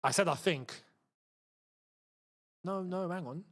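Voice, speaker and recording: A young man with a London accent, hosting a football channel's live watchalong, chats excitedly and mutters under his breath while adjusting the screen. His voice is high and his delivery slow.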